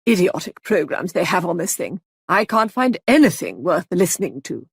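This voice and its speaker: A woman voicing a haughty, sharp-tongued older woman who complains with scorn. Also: fairly low pitch, very animated, normal speed, creaky, husky, no echo, clean studio sound, exaggerated voice. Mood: scornful.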